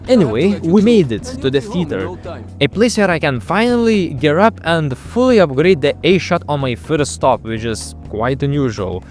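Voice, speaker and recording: A man's voice: on the high side, sing-song, moderate pace. Sarcastic profane young man narrating a game. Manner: sarcastic, profane, mock-dramatic. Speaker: gaming video creator. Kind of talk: comedic game commentary voice-over. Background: game music.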